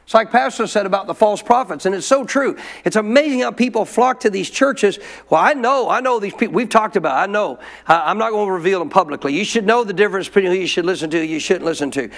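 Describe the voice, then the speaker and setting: A man's voice: high voice, fast, few pauses, a bit bright. A man preaching a sermon in an emphatic way, repeating his points and calling for amens from the congregation.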